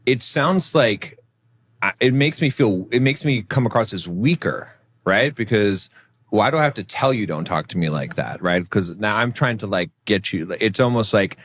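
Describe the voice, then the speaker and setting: A man's voice: lowish voice, moderate pace, a bit bright, no echo. A man co-hosting a podcast, talking casually about relationships, often repeating words and checking in with "right?". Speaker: podcast co-host.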